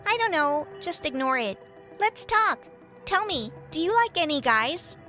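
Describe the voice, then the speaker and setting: A woman narrator voicing a calm, blunt teenage girl who speaks defiantly. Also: high-pitched, unhurried, faint music behind, pitched above the performer's own voice, heavily acted. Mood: chirpy.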